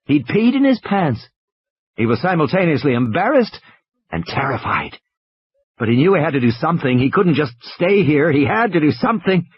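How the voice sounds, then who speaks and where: A man's voice: a little high, lively intonation, brisk, slightly rough. A man reading a story aloud with dramatic narration. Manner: dramatic, with tense swings in pace. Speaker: audiobook reader. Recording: dull lo-fi audio.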